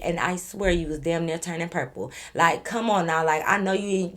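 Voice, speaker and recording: A woman vlogger telling a personal story to camera, blunt and animated, swearing freely and talking straight to her viewers. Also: on the low side.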